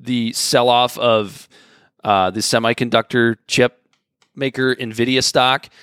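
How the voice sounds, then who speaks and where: A man's voice: medium pitch, flat delivery, takes it slowly, fairly bright tone, smooth, no echo, clean studio sound. Easygoing, hesitant podcast man. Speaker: podcast co-host. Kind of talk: casual chat.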